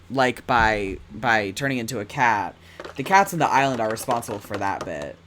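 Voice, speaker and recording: Excitable man streaming a game. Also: mid-range voice, a little hiss or hum. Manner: excitable and swearing, quick reactions. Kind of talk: casual game commentary while reading aloud.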